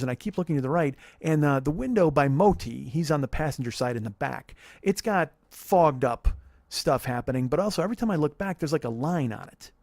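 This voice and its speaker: A man in his forties telling a profane, animated comic story on a podcast. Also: medium pitch, no room sound. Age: 40s.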